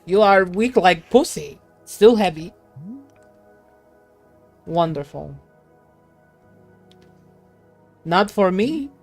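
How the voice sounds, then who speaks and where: A woman voicing a big, gentle male tea shop keeper in a game, using a put-on foreign accent and formal, broken phrasing. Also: fairly low pitch, lively intonation, slow, faint music behind, exaggerated voice. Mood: cheerful.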